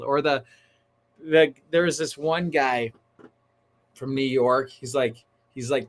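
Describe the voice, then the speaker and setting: A chatty man hosting a laid-back livestream, talking at an ordinary middle pitch. He gets excited fast and leans on slang like "dude" and "bro". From Northern California. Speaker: livestream host. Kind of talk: casual livestream chat.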